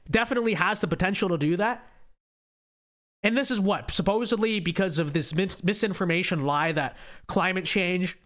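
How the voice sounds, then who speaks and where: A man's voice: sits high, a bit bright. A congested man hosting a political livestream, ranting emphatically with repetition and sarcasm.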